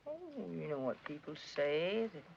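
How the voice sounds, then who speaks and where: An actress playing a teasing, forward American army lieutenant in a 1940s screwball film comedy. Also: female voice, low voice, lively intonation, moderate pace, gravelly, darkish tone. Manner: coaxing, playful. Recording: dull, hissy 1940s film soundtrack.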